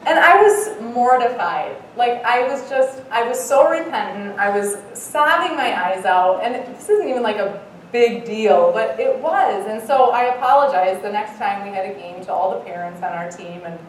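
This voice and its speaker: A middle-aged woman giving an earnest devotional talk as a Bible study speaker, mixing in lively self-mocking stories. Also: on the high side, moderate pace, few pauses. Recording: echoey room, mic far off, faint noise.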